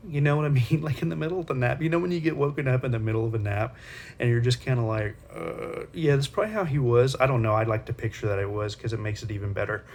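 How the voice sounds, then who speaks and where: A man's voice: mid-range voice, racing, a little mellow, slight background noise. A man teaching Sunday school, retelling a Bible story in a casual, conversational way with slangy asides.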